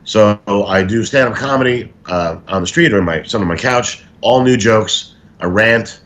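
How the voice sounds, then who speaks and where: A stand-up comedian guest telling showbiz stories in a casual interview, animated and acting things out as he talks. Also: on the low side, moderate pace. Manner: animated, acts out stories and quotes.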